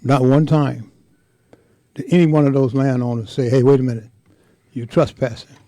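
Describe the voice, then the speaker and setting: An older man telling a heartfelt story in an interview, speaking with impassioned, halting repetition. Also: mid-range voice, steady tone, mellow, no echo. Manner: impassioned, halting, repeats words. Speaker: interviewee, veteran.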